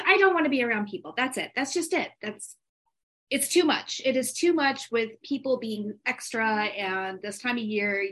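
A woman co-hosting a podcast, telling stories in a lively, profane, casual chat. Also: mid-range voice. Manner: animated, profane storytelling. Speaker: podcast co-host.

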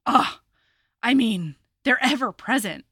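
Bright animated woman recapping a book. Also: a little high, takes it slowly, husky, dry recording, clean studio sound. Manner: animated storyteller, acting out quotes. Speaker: podcast co-host. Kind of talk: casual book recap chat.

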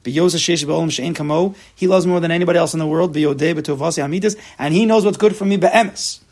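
A man's voice: fairly high pitch, quick pace, a little mellow. A man teaching a class, emphatic, mixing Hebrew terms into his English. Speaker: Torah teacher. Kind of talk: lecture to a class.

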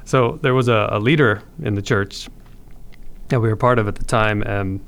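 A man's voice: on the low side, moderate pace, creaky, a bit bright, smooth. A man, a podcast guest, telling his conversion story in an earnest, reflective way with frequent restarts.

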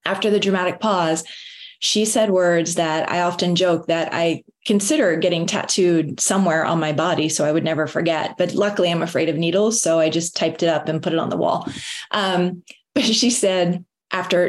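A middle-aged woman telling a personal story in an earnest, motivational way, with lively emphasis. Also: fairly low pitch, normal speed. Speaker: wellness speaker. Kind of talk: motivational talk.

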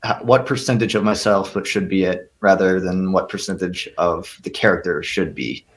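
A man's voice: low-pitched, steady tone, normal speed. A man in his twenties, an actor guest talking in an earnest, rambling way with many restarts. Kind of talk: casual interview.

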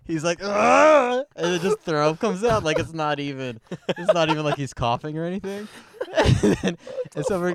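A man's voice: on the high side, clean tone. A man co-hosting a podcast, telling funny family stories in casual chat and laughing through his punchlines. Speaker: podcast co-host.

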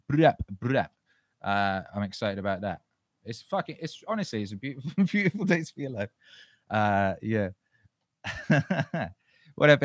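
A man's voice: lowish voice, no echo. A man hosting a casual livestream Q&A, talking in a profane, fired-up ranting way. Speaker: livestream host.

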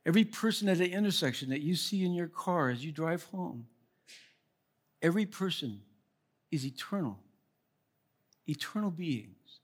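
Fervent, higher-voiced male pastor preaching. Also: animated, moderate pace. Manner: emphatic preaching with rhetorical questions, shifting from loud to soft. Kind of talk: sermon.

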